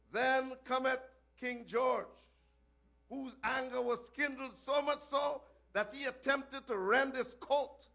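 A male preacher recounting a vision in an archaic biblical cadence, breaking into shouted refrains. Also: very high-pitched, gravelly.

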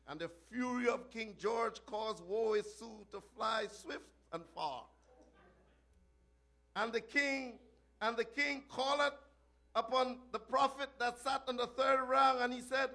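A male preacher recounting a vision in an archaic biblical cadence, breaking into shouted refrains. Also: very high voice, slow pace.

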